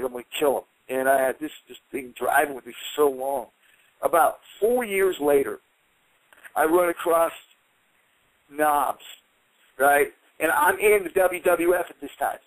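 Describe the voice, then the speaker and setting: A former fighter in his forties, appearing as an interview guest, tells a heated story in an animated way, acting out what people said. His voice is a little high, and the recording is dry with poor audio quality.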